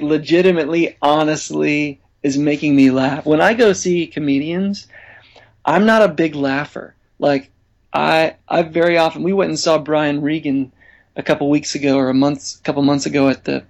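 A man being interviewed as a songwriter guest, talking in a relaxed, chatty way and laughing easily. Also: a little high, moderate pace, dull audio. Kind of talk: casual interview chat.

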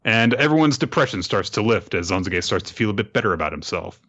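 A man's voice: fairly low pitch, lively intonation, fast talker, few pauses, a bit bright, highs cut off. A man hosting a podcast, recapping a chapter in a casual, amused storytelling manner.

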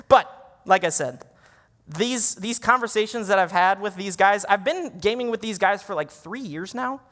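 A man's voice: high-pitched, fairly bright tone, in a large hall. A male pastor preaching a sermon in a conversational, self-deprecating way. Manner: conversational, laughs at himself.

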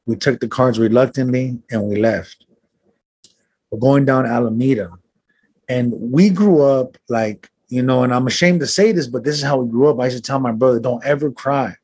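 A man with a husky, slightly breathy voice tells a personal story in an interview. He sounds earnest and reflective, talking casually with slang and restarting his sentences as he searches for words. His pitch sits in a middling range for a man. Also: normal speed, a little mellow. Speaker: interview guest.

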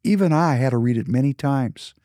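A male podcast host giving impassioned, opinionated commentary, slowing his words down for emphasis. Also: medium pitch, expressive, dark tone, no echo, clean studio sound.

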